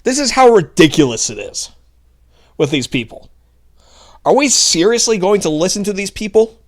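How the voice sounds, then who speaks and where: A man's voice: high voice, big pitch swings, normal speed. A male commentary host ranting in a sarcastic, heated, mocking way.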